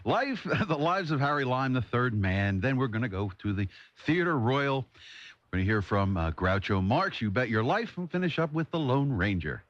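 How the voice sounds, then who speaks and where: An easygoing male radio host who chuckles his way through casual on-air chat. His voice rises and falls in a lively way, and the sound is dry, dull AM radio. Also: medium pitch, normal speed, no room sound.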